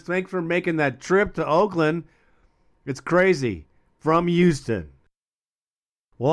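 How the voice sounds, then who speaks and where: Smooth-voiced fan radio host. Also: male voice, fairly high pitch. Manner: friendly, calls people bro. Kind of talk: call-in radio show hosting.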